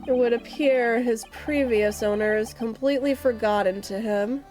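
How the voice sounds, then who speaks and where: A woman voicing an aloof male detective in a game, speaking lower, quieter and slower. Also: soft background music, natural voice.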